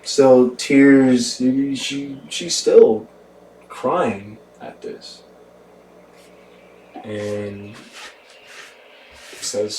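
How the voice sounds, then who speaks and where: A man narrating a tabletop game as game master, in slow, hushed, deliberate narration, recorded in a roomy space from a distant mic. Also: medium pitch.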